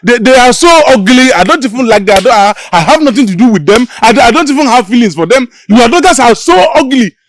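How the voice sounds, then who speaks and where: A man's voice: medium pitch, lively intonation, moderate pace, a little hiss or hum, natural voice. An actor with a Nigerian accent playing a desperate young servant who stammers and begs to keep his job in a Nollywood film. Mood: frantic. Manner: stammering, pleading.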